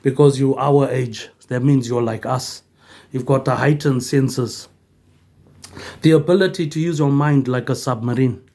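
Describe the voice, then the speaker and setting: A man, rambling through a loose monologue of his own. His voice sits in an ordinary middle pitch. He ends nearly every phrase with a quieter "mate, eh". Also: unhurried. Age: 40s. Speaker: vlogger.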